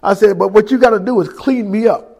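Man, middle-aged, high voice, sermon testimony, storytelling, hushed to loud. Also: fast talker, vocal fry, husky. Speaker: preacher giving testimony.

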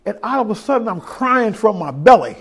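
A middle-aged man giving his testimony as a sermon, telling a story and acting out the voices of others, swinging between hushed and loud. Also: high voice, big pitch swings, a little fast, breathy edge.

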